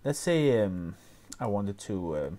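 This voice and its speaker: Low-voiced man with halting tutorial speech. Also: sing-song, mellow. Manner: hesitant, many fillers and restarts. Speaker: music software tutor. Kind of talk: screen-recorded tutorial.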